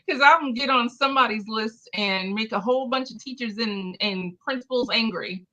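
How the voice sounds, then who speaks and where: Bright, eager woman. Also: fairly high pitch, normal speed, long pauses, low-quality recording. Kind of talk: casual political chat.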